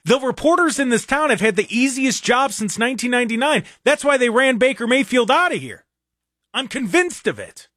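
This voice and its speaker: A man's voice: very high-pitched, big pitch swings, a little fast, a bit bright, no room sound, studio quality. A man hosting a talk show, delivering a heated, exasperated rant with frequent stammering restarts and mocking jabs.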